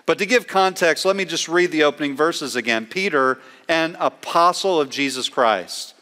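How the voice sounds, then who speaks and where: A man preaching a sermon as a pastor, earnest and emphatic, slowing down to stress key words. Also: fairly high pitch, bright, forceful tone, big-room sound.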